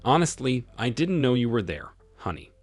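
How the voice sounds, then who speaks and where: This is a storybook wife, distraught and a little drunk, begging forgiveness in a mumbling, quivering way, put on by a man narrating. Her pitch rises and falls a lot, the tone stays husky, and soft music plays under the story. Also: big pitch swings, normal speed. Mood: pleading. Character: distraught tipsy wife, pleading and clingy.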